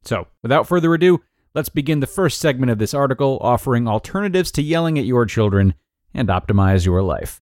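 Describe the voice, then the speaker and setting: A man's voice: medium pitch, expressive, brisk, darkish tone, no room sound, studio quality. A man hosting a podcast, reading a parenting article aloud and acting out the quoted lines. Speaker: podcast host and narrator.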